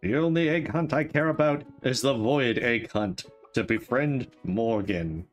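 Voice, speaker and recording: A man's voice: medium pitch, measured pace. A man streaming a game, playfully chatting to the characters as he plays. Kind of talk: casual gameplay commentary. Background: faint game music.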